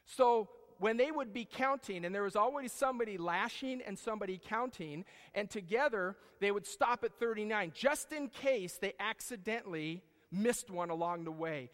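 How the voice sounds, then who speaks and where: A male pastor preaching a sermon, animated, swinging between loud outbursts and hushed, intense passages. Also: sits high. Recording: long reverb in a large hall.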